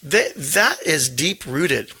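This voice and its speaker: A man's voice: mid-range voice, brisk, gravelly, bright, forceful tone, breathy edge, poor audio. A middle-aged man, a school principal, talking earnestly in an interview and often repeating words as he thinks. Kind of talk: casual interview talk.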